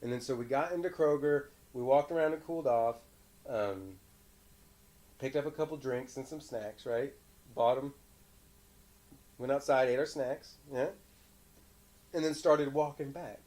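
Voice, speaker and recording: A man hosting a casual chat with his young son, telling stories in an animated way and laughing often. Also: medium pitch, unhurried, long pauses. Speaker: podcast host and father.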